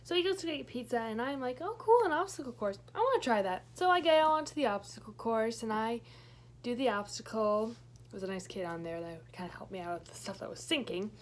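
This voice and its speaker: A young woman vlogger telling a personal story in a chatty way, with many fillers and animated quoting. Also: on the high side, fairly quick. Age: young adult. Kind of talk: storytime vlog.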